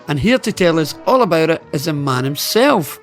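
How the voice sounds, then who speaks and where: A man's voice: a little high, big pitch swings, moderate pace, faint music behind. A man with a Scottish accent hosting a radio interview, moving from a scripted introduction into light banter. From Scotland. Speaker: radio host.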